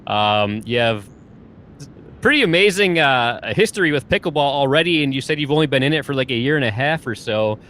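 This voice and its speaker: A man's voice: medium pitch, lively intonation, a little fast, fairly bright tone. Enthusiastic man hosting a podcast. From Michigan. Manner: enthusiastic, laughs often, many fillers. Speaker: podcast host. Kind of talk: casual interview chat.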